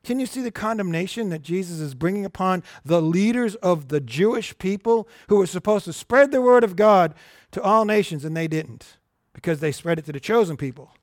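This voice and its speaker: Earnest high-voiced male Bible teacher. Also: expressive, brisk, no room sound, studio quality. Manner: earnest, conversational, asks the listeners questions. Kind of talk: sermon.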